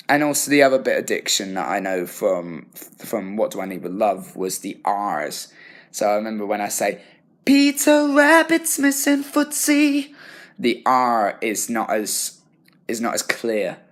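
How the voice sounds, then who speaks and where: Young British drama student, lowish voice, halting reflective self-assessment. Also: male voice, a bit bright. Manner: thoughtful, self-correcting, halting.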